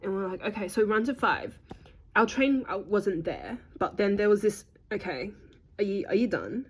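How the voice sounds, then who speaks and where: A woman's voice: medium pitch, sing-song, moderate pace, slightly rough. A young Australian woman narrating a casual travel vlog in a chatty, gossipy way with playful slang. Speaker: vlogger.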